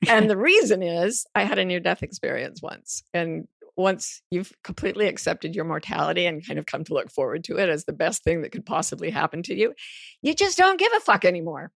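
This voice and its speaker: Woman in her 60s, guest author, animated storyteller, gravelly low voice. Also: fairly quick, no echo, clean studio sound. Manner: animated storyteller, playful, swears freely. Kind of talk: podcast interview.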